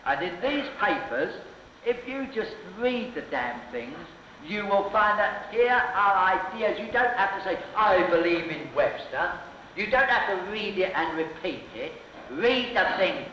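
High, sharp-voiced street orator, hectoring. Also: male voice, slight background noise. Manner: provocative, hectoring, bantering with hecklers. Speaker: soapbox orator. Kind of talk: open-air street oratory to a crowd. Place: outdoor speakers' corner before a crowd. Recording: dull echoey 1970s documentary sound.

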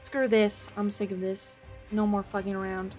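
A woman's voice: mid-range voice, little pitch movement, moderate pace, darkish tone, soft background music. A woman streamer giving live gameplay commentary, exasperated, swearing and laughing often.

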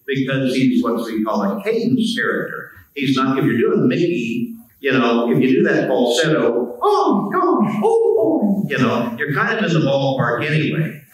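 A man's voice: medium pitch, normal speed. Easygoing older man in an echoey hall. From United States. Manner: easygoing, chatty, self-deprecating. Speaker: panel guest voice actor. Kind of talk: relaxed anecdotal storytelling. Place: convention panel room. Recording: echoey convention hall, distant mic.

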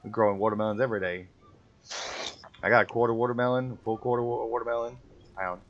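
A man's voice: mid-range voice, fairly even intonation, fast. A man chatting while gaming with friends, teasing them in slang and slipping into silly voices. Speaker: gamer streaming with friends. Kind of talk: casual chat over gameplay. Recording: muffled lo-fi audio with faint music.

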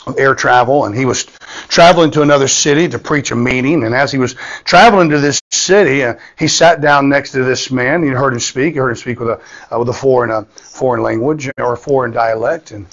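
A man's voice: mid-range voice, fairly quick, fairly bright tone, highs cut off. A man preaching a sermon in a church, emphatic and repeating his key phrases. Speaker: pastor.

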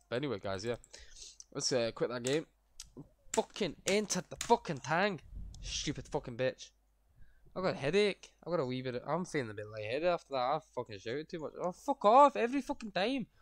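A young man streaming a game, swearing constantly and breaking into shouted rants. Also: mid-range voice, animated, fairly quick, a little hiss or hum. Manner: foul-mouthed, ranting, erupts into shouting. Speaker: gaming streamer. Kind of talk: casual gameplay commentary.

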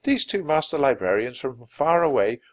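A man's voice: medium pitch, very animated, moderate pace, pitched above the performer's own voice, lightly acted. A man playing an earnest, welcoming monk. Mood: proud. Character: warm, welcoming adult male monk guide.

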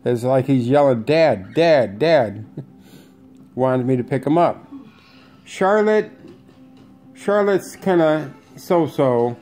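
A pet owner narrates a casual home video of his parakeets from a room with the birds, speaking slowly with frequent pauses in a darkish voice. He coaxes the bird in a high sing-song, and soft music plays in the background.

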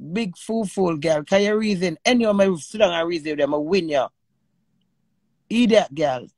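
A woman's voice: mid-range voice, no echo, studio quality. A Jamaican woman ranting on a live stream, cursing and confrontational, talking into her phone. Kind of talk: heated live-stream rant.

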